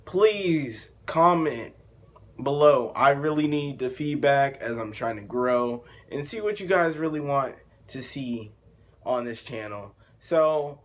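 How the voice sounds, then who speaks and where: A man's voice: medium pitch, expressive, takes it slowly. A man making prank calls and chatting to his viewers in a slangy, laid-back drawl. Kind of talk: casual prank-call vlog.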